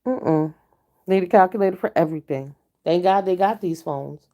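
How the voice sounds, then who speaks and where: A woman's voice: fairly low pitch, normal speed, warm tone. A middle-aged woman ranting bluntly and profanely to her viewers in a casual vlog. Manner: blunt and profane, with frequent mm-hmms. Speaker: vlogger.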